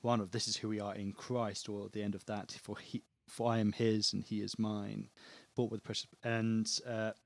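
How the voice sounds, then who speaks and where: A low-voiced British man whose accent has picked up some American influence. He works through theological ideas in a relaxed conversation and warms up as he gets into the doctrine. The sound is dry and close. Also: moderate pace, vocal fry, hardly any pauses, dry recording. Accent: British, somewhat Americanized. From Britain. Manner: thoughtful, gets excited about doctrine. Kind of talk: casual chat about hymns.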